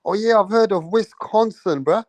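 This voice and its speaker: A man's voice: high voice, normal speed, no echo, muffled recording. A man chatting loosely on a livestream, rambling and swearing as he reads viewer comments. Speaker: livestream host. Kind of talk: casual livestream chat reading viewer comments.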